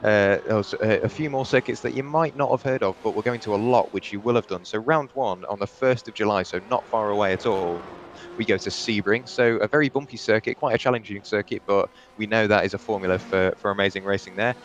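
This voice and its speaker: A man's voice: on the low side, fairly quick, dull audio, slight background noise. A young man doing live sim racing commentary, chatty and rambling, with frequent restarts and asides.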